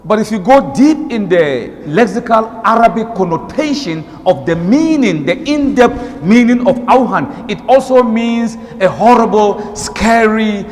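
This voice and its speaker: A man giving a religious lecture as a preacher, animated and repeating words for emphasis. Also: high-pitched, a little slow, hardly any pauses. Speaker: Islamic preacher. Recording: long hall reverb.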